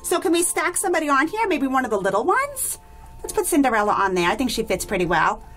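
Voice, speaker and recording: Gushing high-voiced woman unboxing toys. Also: very animated, quick pace, a bit bright, faint music behind. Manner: gushing, enthusiastic, talks to viewers as guys. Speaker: toy unboxing channel host. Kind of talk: toy unboxing vlog.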